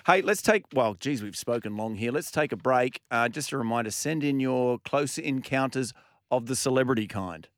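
A man's voice: medium pitch, no room sound. A man hosting a sports radio show, telling anecdotes and bantering with his co-hosts in a studio. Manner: animated storyteller, quick to banter. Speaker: radio host. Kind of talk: casual sports radio chat.

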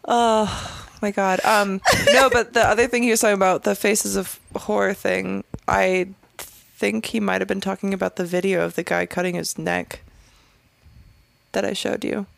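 A woman's voice: mid-range voice, fairly even intonation, normal speed, vocal fry, no room sound. A woman hosting a podcast in casual chat, laughing often and trailing off mid-thought before starting again. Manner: giggly, trailing off and restarting. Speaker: podcast host.

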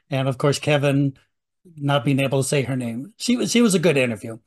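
A man's voice: medium pitch, moderate pace, darkish tone. Chatty man hosting a podcast recap. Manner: chatty, joking. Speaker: podcast host. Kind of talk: casual recap chat.

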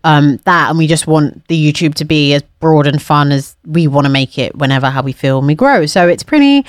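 A woman's voice: sits low, brisk, no room sound, studio quality. Giggly young woman podcast co-host. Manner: chatty, giggly, promotional. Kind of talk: casual chat.

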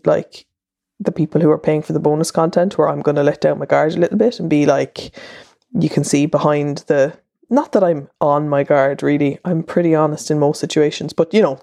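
Chatty Irish woman, mellow voice. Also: sits low, gravelly, no room sound, clean studio sound. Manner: chatty, wandering, self-interrupting. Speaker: podcast host and columnist. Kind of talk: casual rambling monologue.

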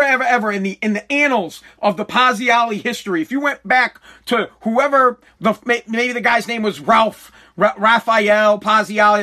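High, bright-voiced man ranting comically. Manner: animated, exaggerated mock-pompous rant with swearing. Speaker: podcast host. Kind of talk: comedic podcast monologue.

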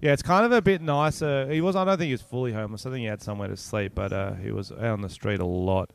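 A man's voice: on the low side, fast, vocal fry. A man hosting a casual podcast, telling laid-back stories and laughing often, from Australia. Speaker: podcast host. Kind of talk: casual chat.

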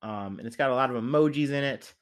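A young podcast host with a mid-range voice talks fast in a casual solo show. He rambles loosely, filling his speech with fillers and swearing.

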